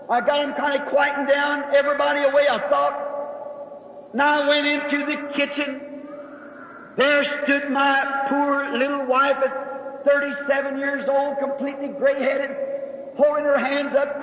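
A man preaching a sermon, telling a folksy personal story in an earnest, unhurried way. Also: very high voice. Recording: echoey hall, dull old recording.

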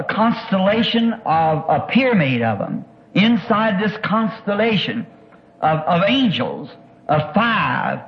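A man preaching a sermon, recounting an experience in an earnest, halting way with many repeated words. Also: high-pitched, muffled recording. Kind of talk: sermon testimony.

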